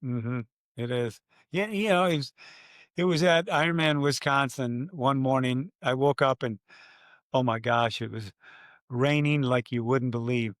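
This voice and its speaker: An older man, a race announcer, telling stories in a podcast interview, animated and acting out his own quotes. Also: medium pitch, unhurried, dry recording, clean studio sound.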